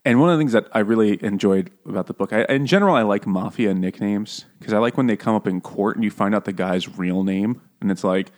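A man's voice: fairly low pitch, a little fast, hardly any pauses, darkish tone. A man in casual podcast chat, laughing often, swearing and mimicking characters in goofy voices. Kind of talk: casual chat about a book and film.

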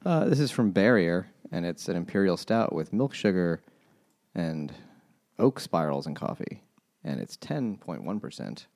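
A man co-hosting a casual chat over beers, cracking dry, dark deadpan jokes. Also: low voice, a little slow. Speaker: podcast co-host.

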